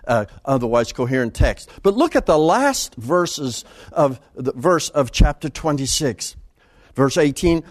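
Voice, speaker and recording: A man preaching a sermon, reading scripture with loud, soaring passages and dropping to quiet asides. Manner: dramatic swings between booming scripture reading and quiet asides.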